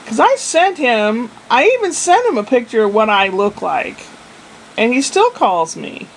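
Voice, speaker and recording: An older woman talks in a chatty, meandering video diary, her voice sitting a little on the high side. She pokes fun at herself as she goes, and faint ambient noise hums behind her. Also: big pitch swings, measured pace, poor audio. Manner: chatty and meandering, self-deprecating. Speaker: vlogger.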